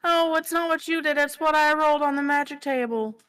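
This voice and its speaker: A soft-spoken woman playing in an online tabletop game over a voice chat mic. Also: sits high, a little fast. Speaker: player.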